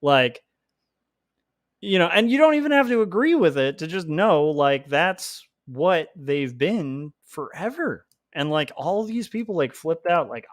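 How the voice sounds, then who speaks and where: A man's voice: high voice, big pitch swings, measured pace, dry recording, studio quality. A man chatting casually on his livestream while he draws comics, rambling, laughing often and filling his talk with "like". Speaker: comics artist livestreaming his drawing work.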